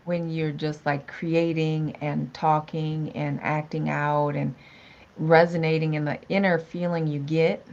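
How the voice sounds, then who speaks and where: Low-voiced woman host, lo-fi sound. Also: flat delivery, a little slow, creaky, a little mellow. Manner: encouraging, responsive, lots of affirmations. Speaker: podcast host. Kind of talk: casual interview chat. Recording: dull lo-fi audio.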